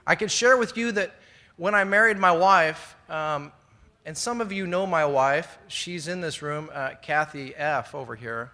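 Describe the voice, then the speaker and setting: A middle-aged man speaks to a room of fellow members with a bright, ringing voice pitched a bit high. He rambles through his story with fillers and false starts. He stays earnest and now and then laughs at himself. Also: unhurried. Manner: rambling, conversational, many fillers and restarts. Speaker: speaker sharing at a recovery meeting. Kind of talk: personal recovery share to a live audience. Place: indoor meeting room with an audience.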